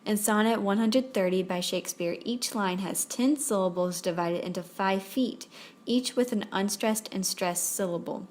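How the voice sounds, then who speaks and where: A woman narrating a scripted lesson on poetry, reading examples aloud slowly. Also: mid-range voice, a little mellow.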